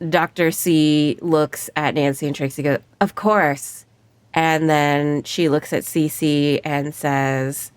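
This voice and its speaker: A woman's voice: low voice, flat delivery, slow, hardly any pauses, smooth, no echo. A woman playing a comedy tabletop game, narrating her character's actions playfully. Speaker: player.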